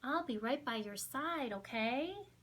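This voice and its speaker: Lady doing squeaky little penguin girl, super eager and gushy, highish voice. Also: lively intonation, unhurried, fairly bright tone, husky, exaggerated voice. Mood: excited. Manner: squeaky, gushing. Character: eager chatty young female penguin.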